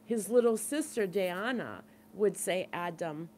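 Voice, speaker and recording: With a fairly low, darkish voice and an unhurried pace, this middle-aged Boston woman runs a support group over livestream. She's chatty, earnest and reassuring, reading out comments from viewers and responding to each. There's a slight hiss behind her.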